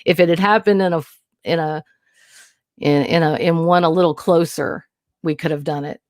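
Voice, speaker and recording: Her voice is low and darkish, held in a steady tone at normal speed. Hosting a casual livestream on a new studio mic, with clean studio sound and no echo, the woman talks candidly and rambles, nervous and emotional, frequently restarting and cursing.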